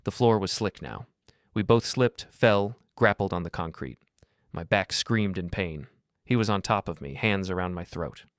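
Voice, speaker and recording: Low-voiced older man telling a story. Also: normal speed, dry recording, clean studio sound. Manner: steady, dramatic first-person telling. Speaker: narrator. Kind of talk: scripted storytelling narration.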